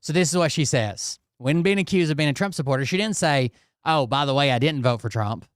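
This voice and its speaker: A man's voice: fairly high pitch, lively intonation, fairly quick, no room sound, clean studio sound. A man ranting through casual commentary, swearing often and tagging his points with "okay?" and "blah, blah, blah.". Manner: profane, repeats "okay?" and "blah, blah, blah". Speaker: commentary channel host.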